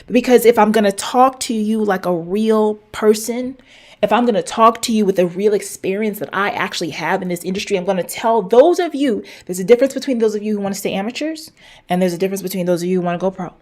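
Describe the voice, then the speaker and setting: Speaking fast in a mid-range, slightly mellow voice, this middle-aged fitness-show host delivers a direct-to-camera rant of preachy, blunt advice. She curses to hammer her points and says lines again for punch, always talking right to the viewers.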